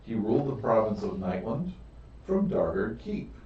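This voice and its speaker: A male game master reads out scenes in a slow, deliberate way. He sounds distant from the mic, in a roomy space with a dull, muffled tone. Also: fairly low pitch, big pitch swings. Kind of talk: narrating a tabletop game. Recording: echoey room, far from mic, dull.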